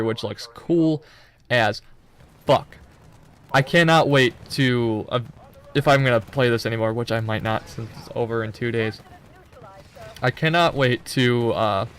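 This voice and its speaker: A man's voice: medium pitch, a bit bright. A young man giving loose, profane, rambling commentary over his own gameplay footage, full of joking asides.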